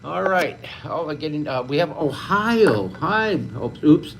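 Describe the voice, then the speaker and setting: A man's voice: a little high, animated, unhurried, creaky, slight background noise. An older man leading a live-streamed drawing lesson, upbeat, chatty and encouraging to his viewers. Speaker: drawing teacher.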